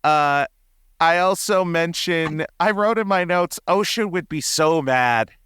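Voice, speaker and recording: Young guy ranting about a movie, animated and exasperated, clear dry sound. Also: on the high side, takes it slowly, no echo. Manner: animated, mock-exasperated, jumps into quoted voices. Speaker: podcast co-host. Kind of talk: casual movie review chat.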